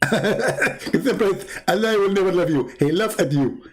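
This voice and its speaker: A man's voice: high-pitched, expressive, a little slow, husky, pitched above the performer's own voice, full character voice. A man putting on the voice of a smug, mocking male preacher who taunts and giggles. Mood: taunting.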